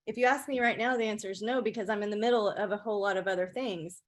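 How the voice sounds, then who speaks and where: A woman speaks up during an online workshop, at an ordinary pitch. She muses aloud in an open, casual way, talking in quick runs. She comes across as a participant sharing her own view. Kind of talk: casual chat on a video call.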